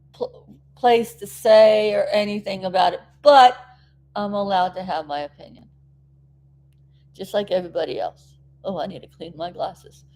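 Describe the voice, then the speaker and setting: A woman with a mid-range, slightly mellow voice talks casually to camera. She is a vlogger from South Florida healing from an injury, and her chat with viewers wanders and turns emotional and teary.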